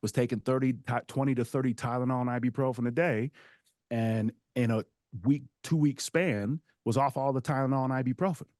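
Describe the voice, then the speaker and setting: A man telling a rambling personal story in a casual podcast conversation, animated and often checking in with "right?". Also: medium pitch, a little fast, no echo, clean studio sound.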